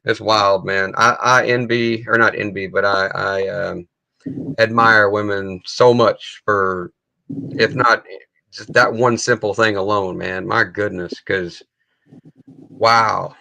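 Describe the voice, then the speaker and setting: A man with a gravelly, bright voice chats on his livestream. He is laid-back, swears freely and tells stories with animated energy. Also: fairly low pitch, slow pace. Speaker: livestream host. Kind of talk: casual livestream chat. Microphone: video call setup.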